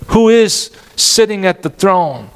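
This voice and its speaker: Animated pastor preaching, man. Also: high-pitched, takes it slowly, clear, resonant tone. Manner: animated, asks the congregation questions. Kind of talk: sermon.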